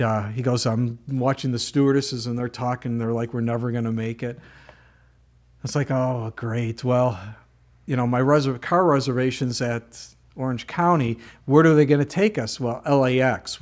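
A man pastor giving a sermon, moving from Bible teaching into a lively personal story. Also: mid-range voice. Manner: storytelling, animated in anecdotes.

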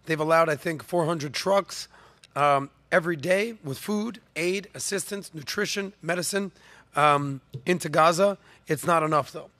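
A man's voice: fairly high pitch, normal speed, sharp tone, no echo. A man hosting a podcast, giving emphatic opinion commentary with rhetorical questions and the odd cough. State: coughing, throat clearing. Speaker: podcast host. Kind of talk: opinion commentary, talking to camera and co-host.

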